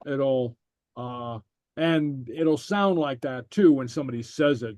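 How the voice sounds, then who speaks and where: A man teaching a Gaelic class online, reading slowly and patiently with lots of fillers. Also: medium pitch, darkish tone, dry recording. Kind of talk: online language lesson.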